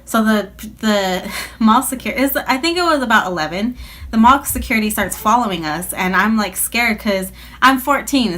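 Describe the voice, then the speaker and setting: A woman's voice: a little high, expressive, moderate pace, fairly bright tone. A woman telling a personal story in a casual storytime video, chatty and rambling, with lots of filler words. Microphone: phone.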